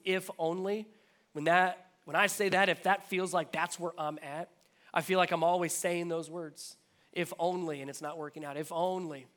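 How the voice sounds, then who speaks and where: High-voiced earnest pastor preaching. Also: male voice, fairly bright tone. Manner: earnest, repetitive, rising emphasis. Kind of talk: sermon. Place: church.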